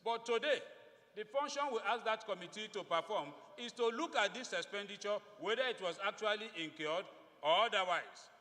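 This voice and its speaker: A male lawmaker with a Nigerian English accent addresses the house in a formal, emphatic way, leaning hard on single words. His voice sits high and sounds bright. The sound rings out with the long reverb of a large chamber. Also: lively intonation, moderate pace. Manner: formal, emphatic, rising to stress key words. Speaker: legislator. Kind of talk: parliamentary floor speech.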